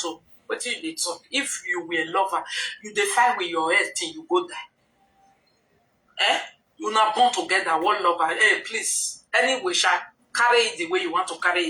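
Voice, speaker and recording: Bright-voiced Nigerian woman, roomy and distant. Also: mid-range voice. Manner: rambling, conversational, slips into quoted dialogue. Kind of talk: casual storytelling to followers. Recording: roomy echo, distant from mic.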